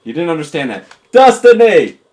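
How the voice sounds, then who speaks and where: A man giving casual, goofy commentary over a game, talking to and yelling at his virtual pets. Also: medium pitch, lively intonation, moderate pace. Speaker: gameplay commentator.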